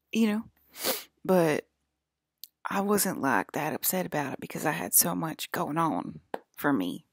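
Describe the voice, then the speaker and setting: Husky, creaky woman rambling casually. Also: sits low, dry recording, clean studio sound. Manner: rambling, full of "like" fillers; offhand, drifts between topics.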